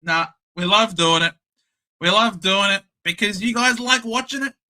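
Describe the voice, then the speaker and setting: A man's voice: high-pitched, normal speed, sharp tone. A young Australian man hosting a casual live sports watchalong, bantering cheekily with chat and reading out scores. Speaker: livestream host.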